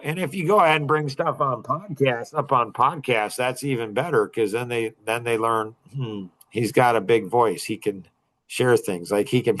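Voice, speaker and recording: A man's voice: medium pitch, fairly bright tone. A middle-aged man in casual podcast chat, rambling with many fillers and restarts and laughing often. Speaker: podcast guest.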